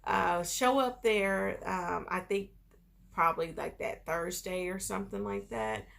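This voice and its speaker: A woman's voice: mid-range voice, unhurried, creaky, a bit bright. A woman vlogger telling a personal story in a casual, chatty way, full of filler phrases.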